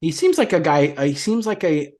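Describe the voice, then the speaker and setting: Animated male podcast co-host. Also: fairly high pitch, fairly quick. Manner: animated, mimics movie lines in silly voices. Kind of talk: casual movie podcast chat.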